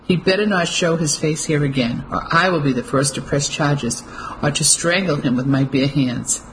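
Reader doing an indignant young husband, firm forceful speech, middle pitch. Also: moderate pace, a little hiss or hum, lightly acted, rough recording.

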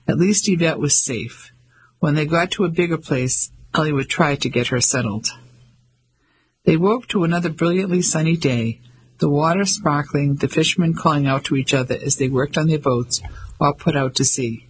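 Husky male audiobook narrator. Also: fairly high pitch, moderate pace, low-quality recording. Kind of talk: scripted narration.

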